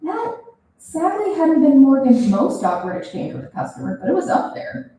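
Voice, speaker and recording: A young woman reading her own fiction aloud at a reading event, expressive and animated. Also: sits high, moderate pace, slight background noise. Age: young adult. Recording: roomy, from a distance.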